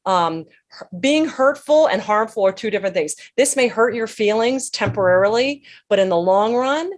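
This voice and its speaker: A woman's voice: a little high, lively intonation, moderate pace. A woman guest in a podcast interview, speaking emphatically and punchily, full of sayings. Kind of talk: conversational interview.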